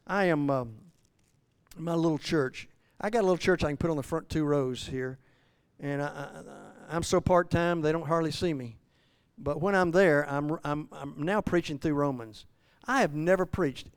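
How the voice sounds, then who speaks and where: An older male preacher in his sixties works through scripture in a homey, joking way, tripping over his words and restarting often. His voice is smooth and sits a touch high for a man, and it climbs loud and high when he acts out a frustrated believer. The sound is dry and close to the mic. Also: normal speed, dry recording. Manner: folksy, self-deprecating preaching with many restarts; rises loud and high when voicing the apostle's struggle. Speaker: pastor. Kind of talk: sermon.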